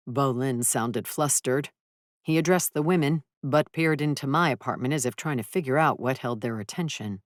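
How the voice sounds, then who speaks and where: A woman reading a first-person audiobook in a measured, dry storytelling manner on a close mic. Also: very deep voice, dry recording. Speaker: audiobook narrator. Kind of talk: scripted first-person narration.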